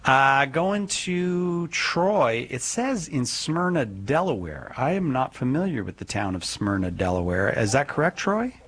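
A man's voice: mid-range voice, sing-song, a little slow, hardly any pauses, fairly bright tone. A man hosting a live call-in radio show, chatty and joking with callers and guests. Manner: chatty, joking, reads out phone number.

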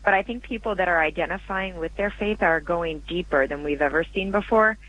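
A man with a high, bright voice talks as an interview guest. He is earnest and reflective, often pausing mid-thought before going on. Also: slight background noise, poor audio. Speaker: guest author. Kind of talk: radio interview.

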